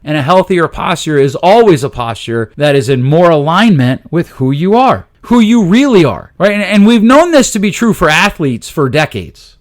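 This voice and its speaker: Middle-aged male host, slightly high voice, casual solo talk, jokey with quick asides. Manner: lively, talks in quick asides and self-corrections; jokey, drops dad jokes. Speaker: podcast host on parenting.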